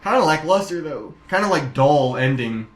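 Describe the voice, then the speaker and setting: A man co-hosting a podcast in casual comedic chat, animated and profane, sliding into silly voices. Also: a little high, moderate pace. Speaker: podcast co-host. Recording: roomy echo.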